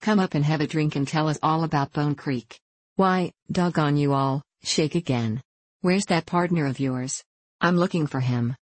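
Boisterous frontier man near thirty, read by a woman, hearty folksy calls, low voice, dry sound. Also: moderate pace, darkish tone, no room sound. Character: boisterous male gold-rush adventurer turning thirty.

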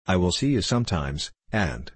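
A fretful, kindly old aunt frets and pleads in a low, husky voice, as a man reads her lines. She speaks gently and anxiously, an audiobook figure. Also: big pitch swings, normal speed, no room sound, heavily acted. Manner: anxious, pleading, soft-hearted. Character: nervous, kindly old aunt, a wealthy lady. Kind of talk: audiobook character voicing.

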